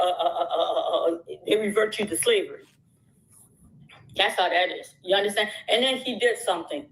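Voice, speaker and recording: A woman speaks in a slightly high voice, in impassioned casual talk. She is emphatic and rambling, repeating phrases over and over and restarting her sentences as she goes. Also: a little hiss or hum, low-quality recording. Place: out at dinner with supporters.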